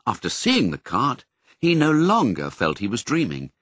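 A man narrating a children's storybook with great expression, his pitch rising and falling widely. His voice is husky. The sound is close and completely dry. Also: wildly swooping pitch, moderate pace, fairly bright tone, no echo. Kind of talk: audiobook reading.

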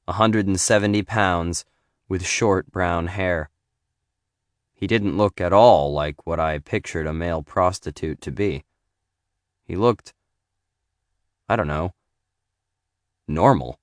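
A man reading a first-person memoir in a measured, reflective and wry way. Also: low voice, no room sound, studio quality. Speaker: narrator.

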